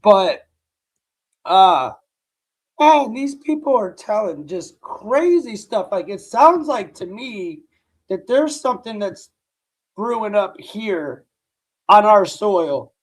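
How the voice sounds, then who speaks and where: In a rough recording, a man with an almost-gone, high voice that swings widely in pitch reacts slowly and rambles during a casual live stream. He repeats himself a lot and loosely calls people "dude."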